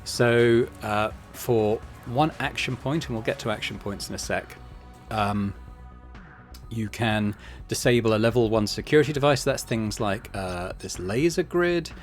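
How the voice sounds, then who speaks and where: A man's voice: lowish voice, unhurried, soft background music. A man hosting a casual let's-play, chattily explaining game systems with many fillers. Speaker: gaming channel host.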